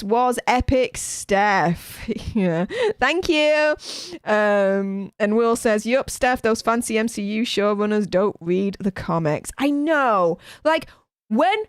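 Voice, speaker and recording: A woman hosting a live stream, chatty and animated, reading out viewer comments with lots of fillers. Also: a little high, clean tone, no echo, clean studio sound. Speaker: host reading live chat. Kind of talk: casual live-stream chat.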